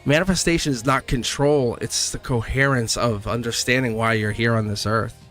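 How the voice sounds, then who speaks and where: A man in his thirties reads tarot live for his viewers, lively and quick to laugh, speaking to them directly. His voice sits at a middle pitch. Faint music plays behind him. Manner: animated, laughs often, talks straight to viewers. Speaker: tarot reader.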